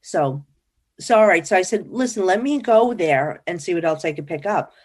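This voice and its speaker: A woman from New Jersey, a psychic guest in an interview, telling stories in a lively, chatty way and acting out what people said. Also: on the low side, moderate pace. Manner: animated, acts out quoted dialogue. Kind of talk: casual interview storytelling.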